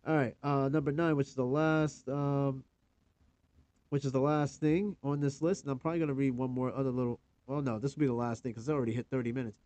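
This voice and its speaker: A man's voice: mid-range voice, mellow, dry recording. A man around forty hosting his own podcast, talking alone in a rambling, candid way with lots of fillers and some swearing. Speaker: podcast host. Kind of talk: casual solo podcast monologue.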